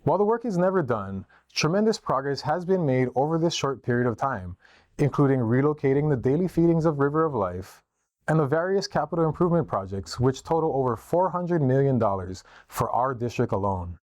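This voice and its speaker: A man from Hawaii reads his prepared campaign message in a steady, formal delivery. His voice sits at an ordinary pitch and is recorded close and dry, with no room sound around it. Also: dry recording. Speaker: political candidate. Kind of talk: read campaign statement.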